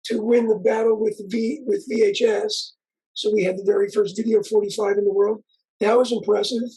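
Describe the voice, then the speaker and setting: Older male interview guest, strongly raspy voice, rambling storyteller. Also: high-pitched, flat delivery, moderate pace, warm tone, poor audio. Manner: rambling, with frequent restarts and asides. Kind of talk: conversational storytelling.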